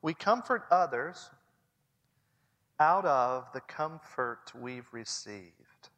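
A man in his forties preaching a sermon earnestly, swinging between hushed and loud passages. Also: mid-range voice, lively intonation, takes it slowly. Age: 40s. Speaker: pastor. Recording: long hall reverb.

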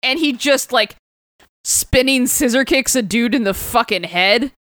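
A woman chatting on a podcast, retelling a comic with plenty of laughter and quick character voices. Her voice is smooth and clear, recorded dry and close with no room sound. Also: a little high, a bit bright, dry recording. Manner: laughing often, acting out character lines in voices. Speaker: podcast co-host. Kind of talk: casual chat recapping a comic.

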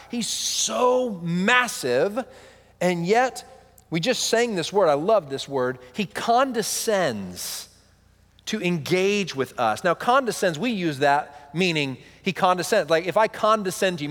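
A man's voice: high voice, fairly bright tone, long reverb tail. A man in his thirties preaching a sermon, with a conversational delivery full of "right?" asides. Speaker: pastor.

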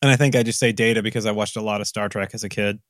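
A man's voice: lowish voice, steady tone, rapid-fire, fairly bright tone, no echo, clean studio sound. A man with a Southern US accent, co-hosting a casual technical talk with self-deprecating, rambling asides. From American South. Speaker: podcast co-host.

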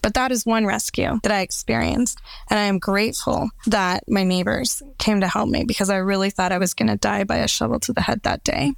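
A woman telling a personal story in a wry, self-mocking, unhurried way. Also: mid-range voice, gravelly, no echo, rough recording.

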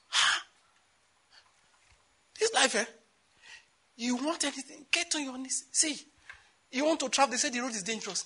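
A male preacher delivering a sermon, moving between loud exclamations and quiet asides. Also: very high-pitched, normal speed, pauses often, slightly rough.

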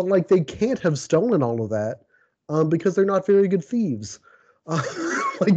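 A man's voice: a little high, dark tone. A man co-hosting a casual podcast chat, rambling along and chuckling often. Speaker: podcast co-host. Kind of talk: casual chat about a TV show. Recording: dull lo-fi recording.

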